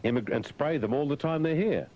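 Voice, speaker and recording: A man's voice: a little fast, darkish tone. A man hosting breakfast radio, reading the news and mocking it with jokey asides and mumbled fillers. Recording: dull lo-fi radio broadcast with faint rumble.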